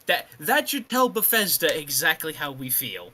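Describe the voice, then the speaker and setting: A man's voice: fairly high pitch, big pitch swings, moderate pace, pushed and bright, slight background noise. A man co-hosting with wry, rambling comments in casual banter. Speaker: co-host.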